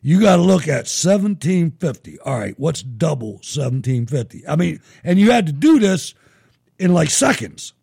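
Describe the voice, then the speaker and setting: A middle-aged man hosting a live show, telling profane, animated stories in casual chat. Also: fairly high pitch, normal speed, gravelly, breathy edge. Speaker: show host.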